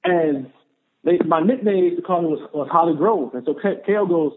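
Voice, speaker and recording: A man, a former football player, telling a story as a podcast guest, animated and repeating phrases for emphasis. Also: fairly high pitch, fairly quick. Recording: tinny phone-line audio.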